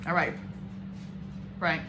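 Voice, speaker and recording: A woman hosting a home eating challenge, cheering loudly and calling out the time left. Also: takes it slowly. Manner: loud, encouraging, calls the timer. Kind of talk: excited cheering and commentary. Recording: echoey room with loud background noise.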